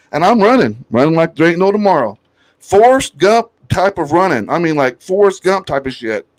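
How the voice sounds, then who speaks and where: A man hosting a podcast, telling a story in a loud, profane, animated way and laughing often. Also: fairly high pitch, fairly quick. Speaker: podcast host. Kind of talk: casual storytelling chat.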